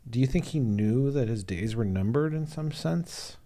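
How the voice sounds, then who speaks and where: A man's voice: mid-range voice, animated, moderate pace, mellow. A man hosting an interview, thinking aloud and asking follow-up questions. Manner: thoughtful, searching for words, asks follow-up questions. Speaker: podcast host. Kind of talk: conversational interview.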